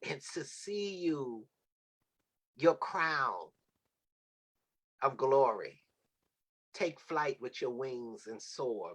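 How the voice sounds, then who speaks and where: A male talk show host closes the evening with flowing, sermon-like thanks. He blesses and praises each guest in turn, his voice at a middle pitch. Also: a bit bright, low-quality recording. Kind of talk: heartfelt closing thanks on a livestream.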